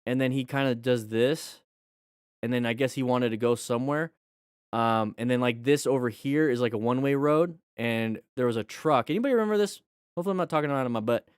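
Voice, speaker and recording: A man's voice: medium pitch, brisk, clean tone, dry recording, studio quality. A man hosting a casual livestream, commenting on riding videos as a motorcycle instructor, joking and teaching in a loose conversational way with lots of fillers.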